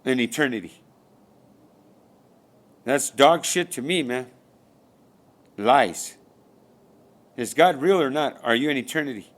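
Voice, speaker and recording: This man's medium-pitched voice is expressive and slow, broken by long pauses. As a spiritual speaker, he wanders through a monologue packed with swearing and repeated rhetorical questions.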